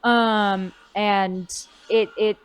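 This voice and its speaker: A woman's voice: medium pitch, drawn-out words, clean tone, rough recording. Chatty woman in her twenties. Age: 20s. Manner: chatty, expressive, many fillers and restarts. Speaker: voice actor guest. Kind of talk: convention interview.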